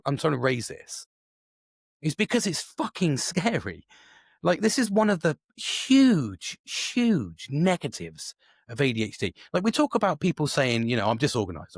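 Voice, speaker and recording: Guy mid-forties rambling on his podcast, swears a lot, kinda high voice, dry close sound. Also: no room sound. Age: 40s. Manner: rambling, swears often, many restarts. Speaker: podcast host. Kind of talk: casual solo monologue.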